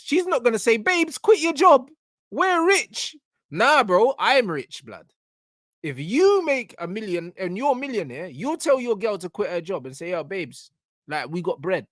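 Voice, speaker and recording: Brash man ranting, very lively pitch. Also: no room sound, studio quality. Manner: brash, mocking, swings from loud to muttered. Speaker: reaction channel host. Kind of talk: ranting reaction commentary.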